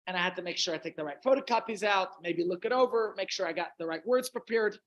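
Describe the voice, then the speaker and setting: A man's voice: high-pitched, fast, fairly bright tone, low-quality recording. A man with a Russian accent, a rabbi telling a long humorous anecdote in a chatty, self-interrupting way. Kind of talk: anecdotal storytelling talk.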